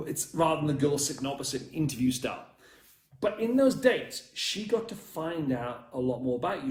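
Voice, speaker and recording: A man's voice: medium pitch, a little mellow, echoey room. A man coaching viewers on dating during a live stream, talking bluntly and rambling, swearing freely and calling out to people watching.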